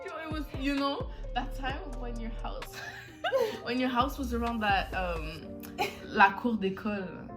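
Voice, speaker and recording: A woman's voice: fairly high pitch, measured pace, over music. A young woman casually retelling childhood stories with a friend, swearing and laughing. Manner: profane, lively, laughing retellings. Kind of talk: casual storytelling chat.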